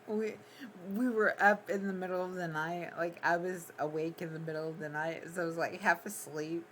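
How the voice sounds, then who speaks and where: A woman's voice: on the low side, fairly even intonation, moderate pace, slight background noise. A woman livestreamer telling a rambling story in casual chat, laughing often as she talks.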